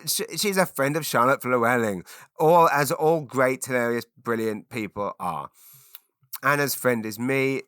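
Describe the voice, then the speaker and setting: Bright-voiced rambling man. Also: medium pitch, no room sound, clean studio sound. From Britain. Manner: rambling, self-mocking, many restarts. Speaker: podcast host. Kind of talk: casual solo podcast monologue.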